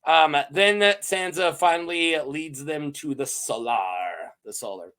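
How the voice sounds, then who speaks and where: A man casually recapping fantasy story lore, playful and quick to laugh, with lots of fillers. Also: fairly high pitch. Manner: playful, animated, laughs often, many fillers. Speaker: host of a fantasy lore channel.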